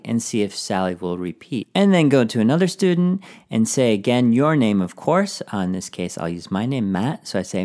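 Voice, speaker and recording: A man's voice: fairly low pitch, very animated, normal speed, few pauses, darkish tone. A man hosting a teaching podcast, giving encouraging classroom tips and often singing short phrases.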